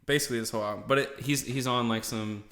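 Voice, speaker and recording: A man hosting a podcast in casual chat, relaxed and slangy as he walks through music. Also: medium pitch, quick pace. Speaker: podcast host. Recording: echoey room.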